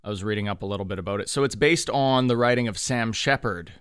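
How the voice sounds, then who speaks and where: A man's voice: on the low side, fast talker, clean tone, dry recording. A man hosting a comedy talk radio show from a studio, chatting easily with plenty of fillers. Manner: easygoing, rambling with fillers. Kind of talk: casual talk radio chat. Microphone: studio microphone.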